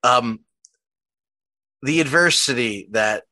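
A man with a Philadelphia accent hosts a casual podcast in a bright, mid-pitched voice. He is chatty and laughs easily, and his questions wander on. His voice sounds close and dry. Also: slow, dry recording. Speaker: podcast host.

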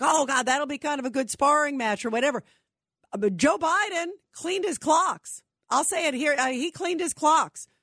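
A woman's voice: fairly high pitch, a bit bright, dry recording, studio quality. A woman hosting a call-in radio talk show, talking in long rambling emphatic stretches full of fillers and restarts.

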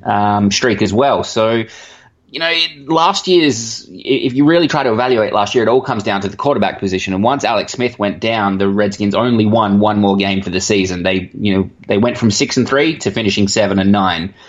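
An Australian man with a low voice, heard through a dull, lo-fi remote call. He analyses carefully, pausing and restarting as he works through his points. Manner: thoughtful, many ums and restarts. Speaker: podcast guest, sports blogger.

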